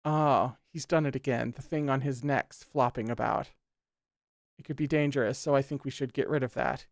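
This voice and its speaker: A man's voice: medium pitch, steady tone, normal speed, vocal fry, no room sound, clean studio sound. A man hosting a show who reads a text aloud and breaks off into sarcastic, exclamatory commentary, swearing casually. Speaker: host. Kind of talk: reading aloud and reacting with commentary.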